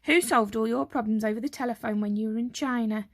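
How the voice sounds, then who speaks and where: A woman's voice: on the high side, fast. A woman voicing a boastful, grumbling young boy in a storybook reading. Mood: bickering.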